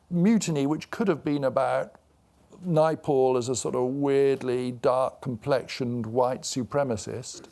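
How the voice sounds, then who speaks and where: A man's voice: medium pitch, a little mellow, slight background noise. A man in his sixties, an author and guest, telling rambling anecdotes with lots of fillers and restarts in a live onstage conversation. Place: event before a live audience.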